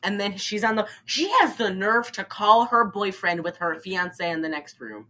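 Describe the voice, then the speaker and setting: Bright, animated woman retelling a film. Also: mid-range voice, moderate pace. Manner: animated, acts out lines in funny voices, laughs often. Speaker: podcast co-host recapping a film. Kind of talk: casual chat.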